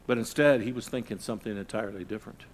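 Middle-aged guy preaching, big loud bits then goes quiet and low. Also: very fast. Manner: dramatic swings between loud emphasis and hushed low passages. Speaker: pastor. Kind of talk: sermon.

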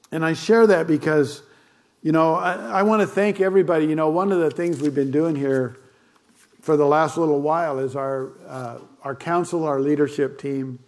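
An older male pastor preaching in a loose, conversational way, dropping in fillers and little asides. His voice sits a touch higher than most men's. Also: fairly even intonation, normal speed. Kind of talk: sermon.

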